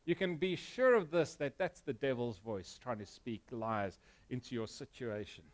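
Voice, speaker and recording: A man with a South African accent preaching a sermon in church, emphatic and earnest, dropping to quiet, intense moments. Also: mid-range voice, animated, normal speed. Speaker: pastor.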